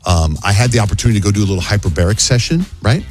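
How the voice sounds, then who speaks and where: A middle-aged man hosting a radio show, telling a story in a casual, animated way and acting out sounds and quotes. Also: fairly low pitch, racing, music in the background. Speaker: radio host.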